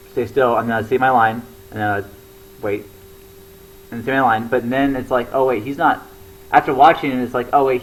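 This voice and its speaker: A man's voice: medium pitch, a little hiss or hum, poor audio. A young man talking casually to camera, rambling with lots of fillers and restarts. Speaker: comedy show regular.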